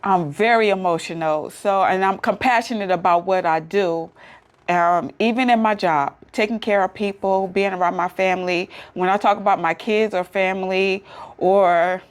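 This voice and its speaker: Woman vlogger, AAVE, casual to-camera chat, chatty and emotional, mid pitch. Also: fairly even intonation, moderate pace. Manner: chatty, emotional, laughs easily.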